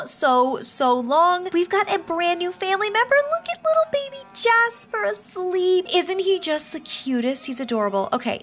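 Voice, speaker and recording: A woman hosting a game channel, giving excitable, chatty commentary with frequent gasps. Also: very high voice. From United States. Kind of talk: let's-play commentary.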